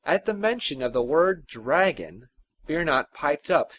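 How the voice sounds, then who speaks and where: A man narrating a folktale in an expressive, theatrical storytelling style. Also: fairly high pitch, a little slow.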